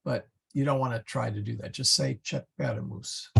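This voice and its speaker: Gravelly husky guy teaching latin, slow and patient, lots of ums. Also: mid-range voice, fairly even intonation, bright, forceful tone. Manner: slow, patient explaining with fillers. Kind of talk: online class lecture.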